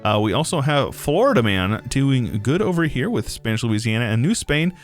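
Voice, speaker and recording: A man's voice: mid-range voice, very animated, moderate pace, faint music behind. A man giving casual, jokey commentary over a strategy game, with frequent fillers and laughs. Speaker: gaming video host.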